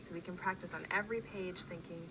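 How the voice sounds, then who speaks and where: A woman's voice: on the low side, fairly even intonation, fast, background noise. A woman teacher in a one-on-one reading conference with a child, patient and encouraging, prompting with questions.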